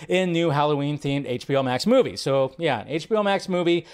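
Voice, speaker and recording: A man's voice: brisk, smooth. A man hosting a live film news stream, talking casually and rambling with lots of fillers, his voice jumping up when he makes a point. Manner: chatty, rambling, filler-heavy; animated, pitch jumps up when making a point.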